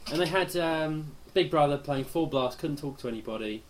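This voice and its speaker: A man from England co-hosting a comedy podcast, firing quick teasing retorts and mock outrage. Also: fairly high pitch. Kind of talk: comic banter.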